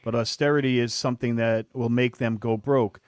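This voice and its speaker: A man co-hosting a call-in radio show, chiming in with wry, deadpan asides. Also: medium pitch, a little fast, clean tone, no room sound, clean studio sound. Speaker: radio co-host.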